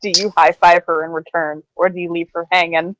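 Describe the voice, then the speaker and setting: A woman's voice: on the low side, level tone, a little fast, no echo, rough recording. A woman player in a tabletop role-play game, playfully narrating what her character does.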